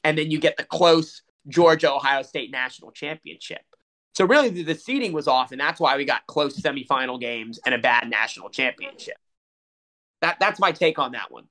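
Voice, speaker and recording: A man with a fairly high voice rambles through his arguments in casual sports banter, restarting words as he goes. He comes across as argumentative and keen to make his point. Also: expressive, normal speed, pushed and bright. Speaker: podcast co-host.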